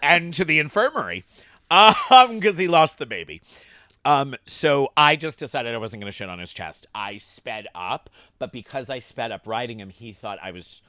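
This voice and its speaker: A man telling a story on a casual comedy podcast, animated and laughing, at times bursting into loud shouts. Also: medium pitch, moderate pace, no room sound, studio quality. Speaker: guest comedian.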